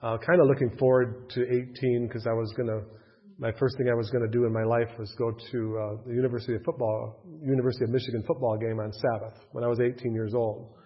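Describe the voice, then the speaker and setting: A middle-aged man tells a personal story in a rambling, animated way, circling back over his words. His voice is husky and sits at a medium pitch. The recording is dull and lo-fi. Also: quick pace. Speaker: speaker telling his faith story.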